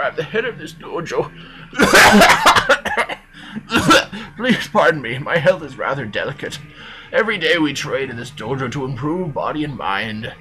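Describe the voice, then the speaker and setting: A woman's voice: low voice, pushed and bright, pitched below the performer's own voice, exaggerated voice, low-quality recording. A woman playing a frail coughing dojo master. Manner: formal, stately speech broken by coughs. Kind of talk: game let's play, reading dialogue aloud.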